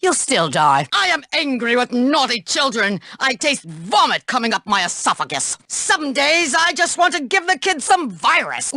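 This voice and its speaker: An actress voicing a sadistic, bossy school nurse in a video game, snippy and theatrical, shifting from sugary to menacing. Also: female voice, medium pitch, a bit bright, dry recording, studio quality. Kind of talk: game voice acting.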